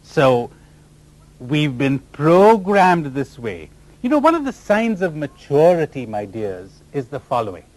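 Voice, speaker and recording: With a fairly high, sing-song voice at a measured pace, a man gives a spiritual talk before a live audience, and there's no echo. He playfully poses rhetorical questions and sometimes does impressions of other people.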